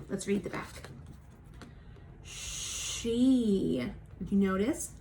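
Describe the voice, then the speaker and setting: A woman teacher giving a recorded phonics lesson for young children, slowly modelling sounds for them to repeat and praising them patiently. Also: mid-range voice, a little hiss or hum. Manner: encouraging, patient. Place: at home.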